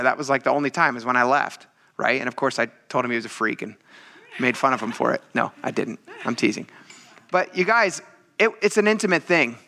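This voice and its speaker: Guy preaching a sunday sermon, bright voice, loose and jokey, acts out the quotes. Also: medium pitch, creaky. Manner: casual, joking preaching with acted quotes. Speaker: pastor.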